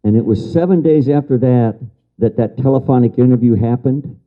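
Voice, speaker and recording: An older man lectures to an audience in a storyteller's way, repeating key phrases for emphasis and answering remarks from the room. His voice sits at a middle pitch, and the lecture recording sounds somewhat dull and lo-fi. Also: moderate pace.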